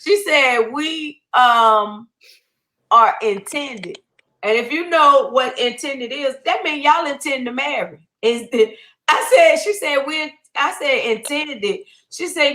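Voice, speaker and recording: A woman guest comedian with a high voice tells a story slowly in a casual online video chat. She's animated throughout and acts out the voices of the story's characters.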